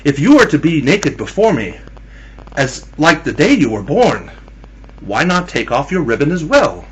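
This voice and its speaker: A man's voice: a little high, very animated, moderate pace, breathy edge, heavily acted, poor audio. A man voicing a young husband who pleads with his bride and then commands her sternly, in a spooky story. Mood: pleading. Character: young husband, loving but growing stern and angry.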